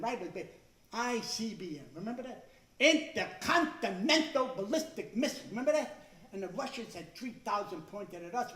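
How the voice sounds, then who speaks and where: Exasperated older New comic, echoey. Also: male voice, sits high. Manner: exasperated, shouting punchlines. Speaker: stand-up comedian. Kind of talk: stand-up routine. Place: club stage before a live audience. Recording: echoey room, far from the mic.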